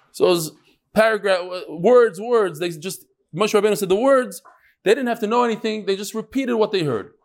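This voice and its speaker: A middle-aged man teaching a daily Talmud class with lively storytelling and quick asides. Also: high-pitched. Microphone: on Zoom.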